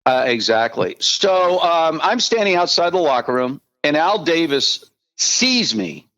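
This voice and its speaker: A man in his sixties, a podcast guest, telling animated, profane anecdotes in casual talk. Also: on the high side, unhurried, dull audio, a little hiss or hum. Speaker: podcast guest, former team spokesman.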